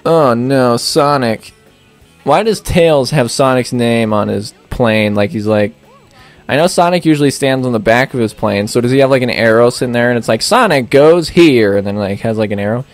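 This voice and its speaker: A man's voice: moderate pace, faint music behind. A young man casually commenting on his gameplay, rambling and joking with lots of fillers. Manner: rambling, filler-heavy, jokey, puts on silly high voices. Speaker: let's play host.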